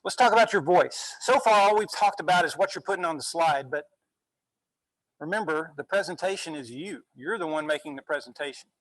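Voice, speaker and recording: A male university instructor giving a relaxed classroom lecture, often checking in with "okay?" as he goes. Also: fairly high pitch, fairly quick, no room sound, rough recording. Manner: conversational, frequent "okay?" check-ins.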